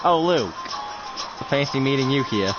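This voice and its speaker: A man's voice: mid-range voice, expressive, unhurried, close to an everyday voice. A man voicing a cocky, hot-tempered young male fighter who snaps back indignantly. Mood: smug. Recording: dull lo-fi with music behind.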